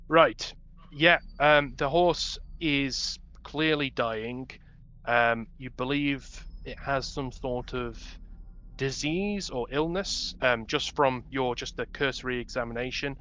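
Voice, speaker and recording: Bright-voiced male game master. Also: medium pitch, slow, clean tone. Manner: descriptive with frequent ums and restarts. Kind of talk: narrating a tabletop game.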